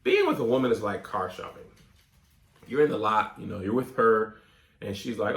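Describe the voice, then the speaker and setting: A man hosting a comedic advice show, reading listener letters aloud and reacting in a mock-serious, animated way. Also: on the low side, normal speed, creaky, pauses often, echoey room. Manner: animated, mock-serious, coughing fits as a bit.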